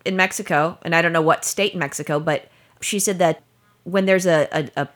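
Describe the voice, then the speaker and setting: A woman's voice: fairly low pitch, steady tone, brisk. A woman co-hosting a podcast, talking earnestly in casual chat and often restarting her sentences. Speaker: podcast co-host.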